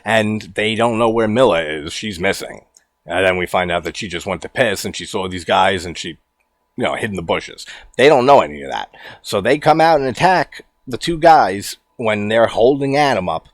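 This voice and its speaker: A man giving a casual, animated movie commentary, incredulous and quick to swear and laugh. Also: on the low side, no echo. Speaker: horror movie reviewer.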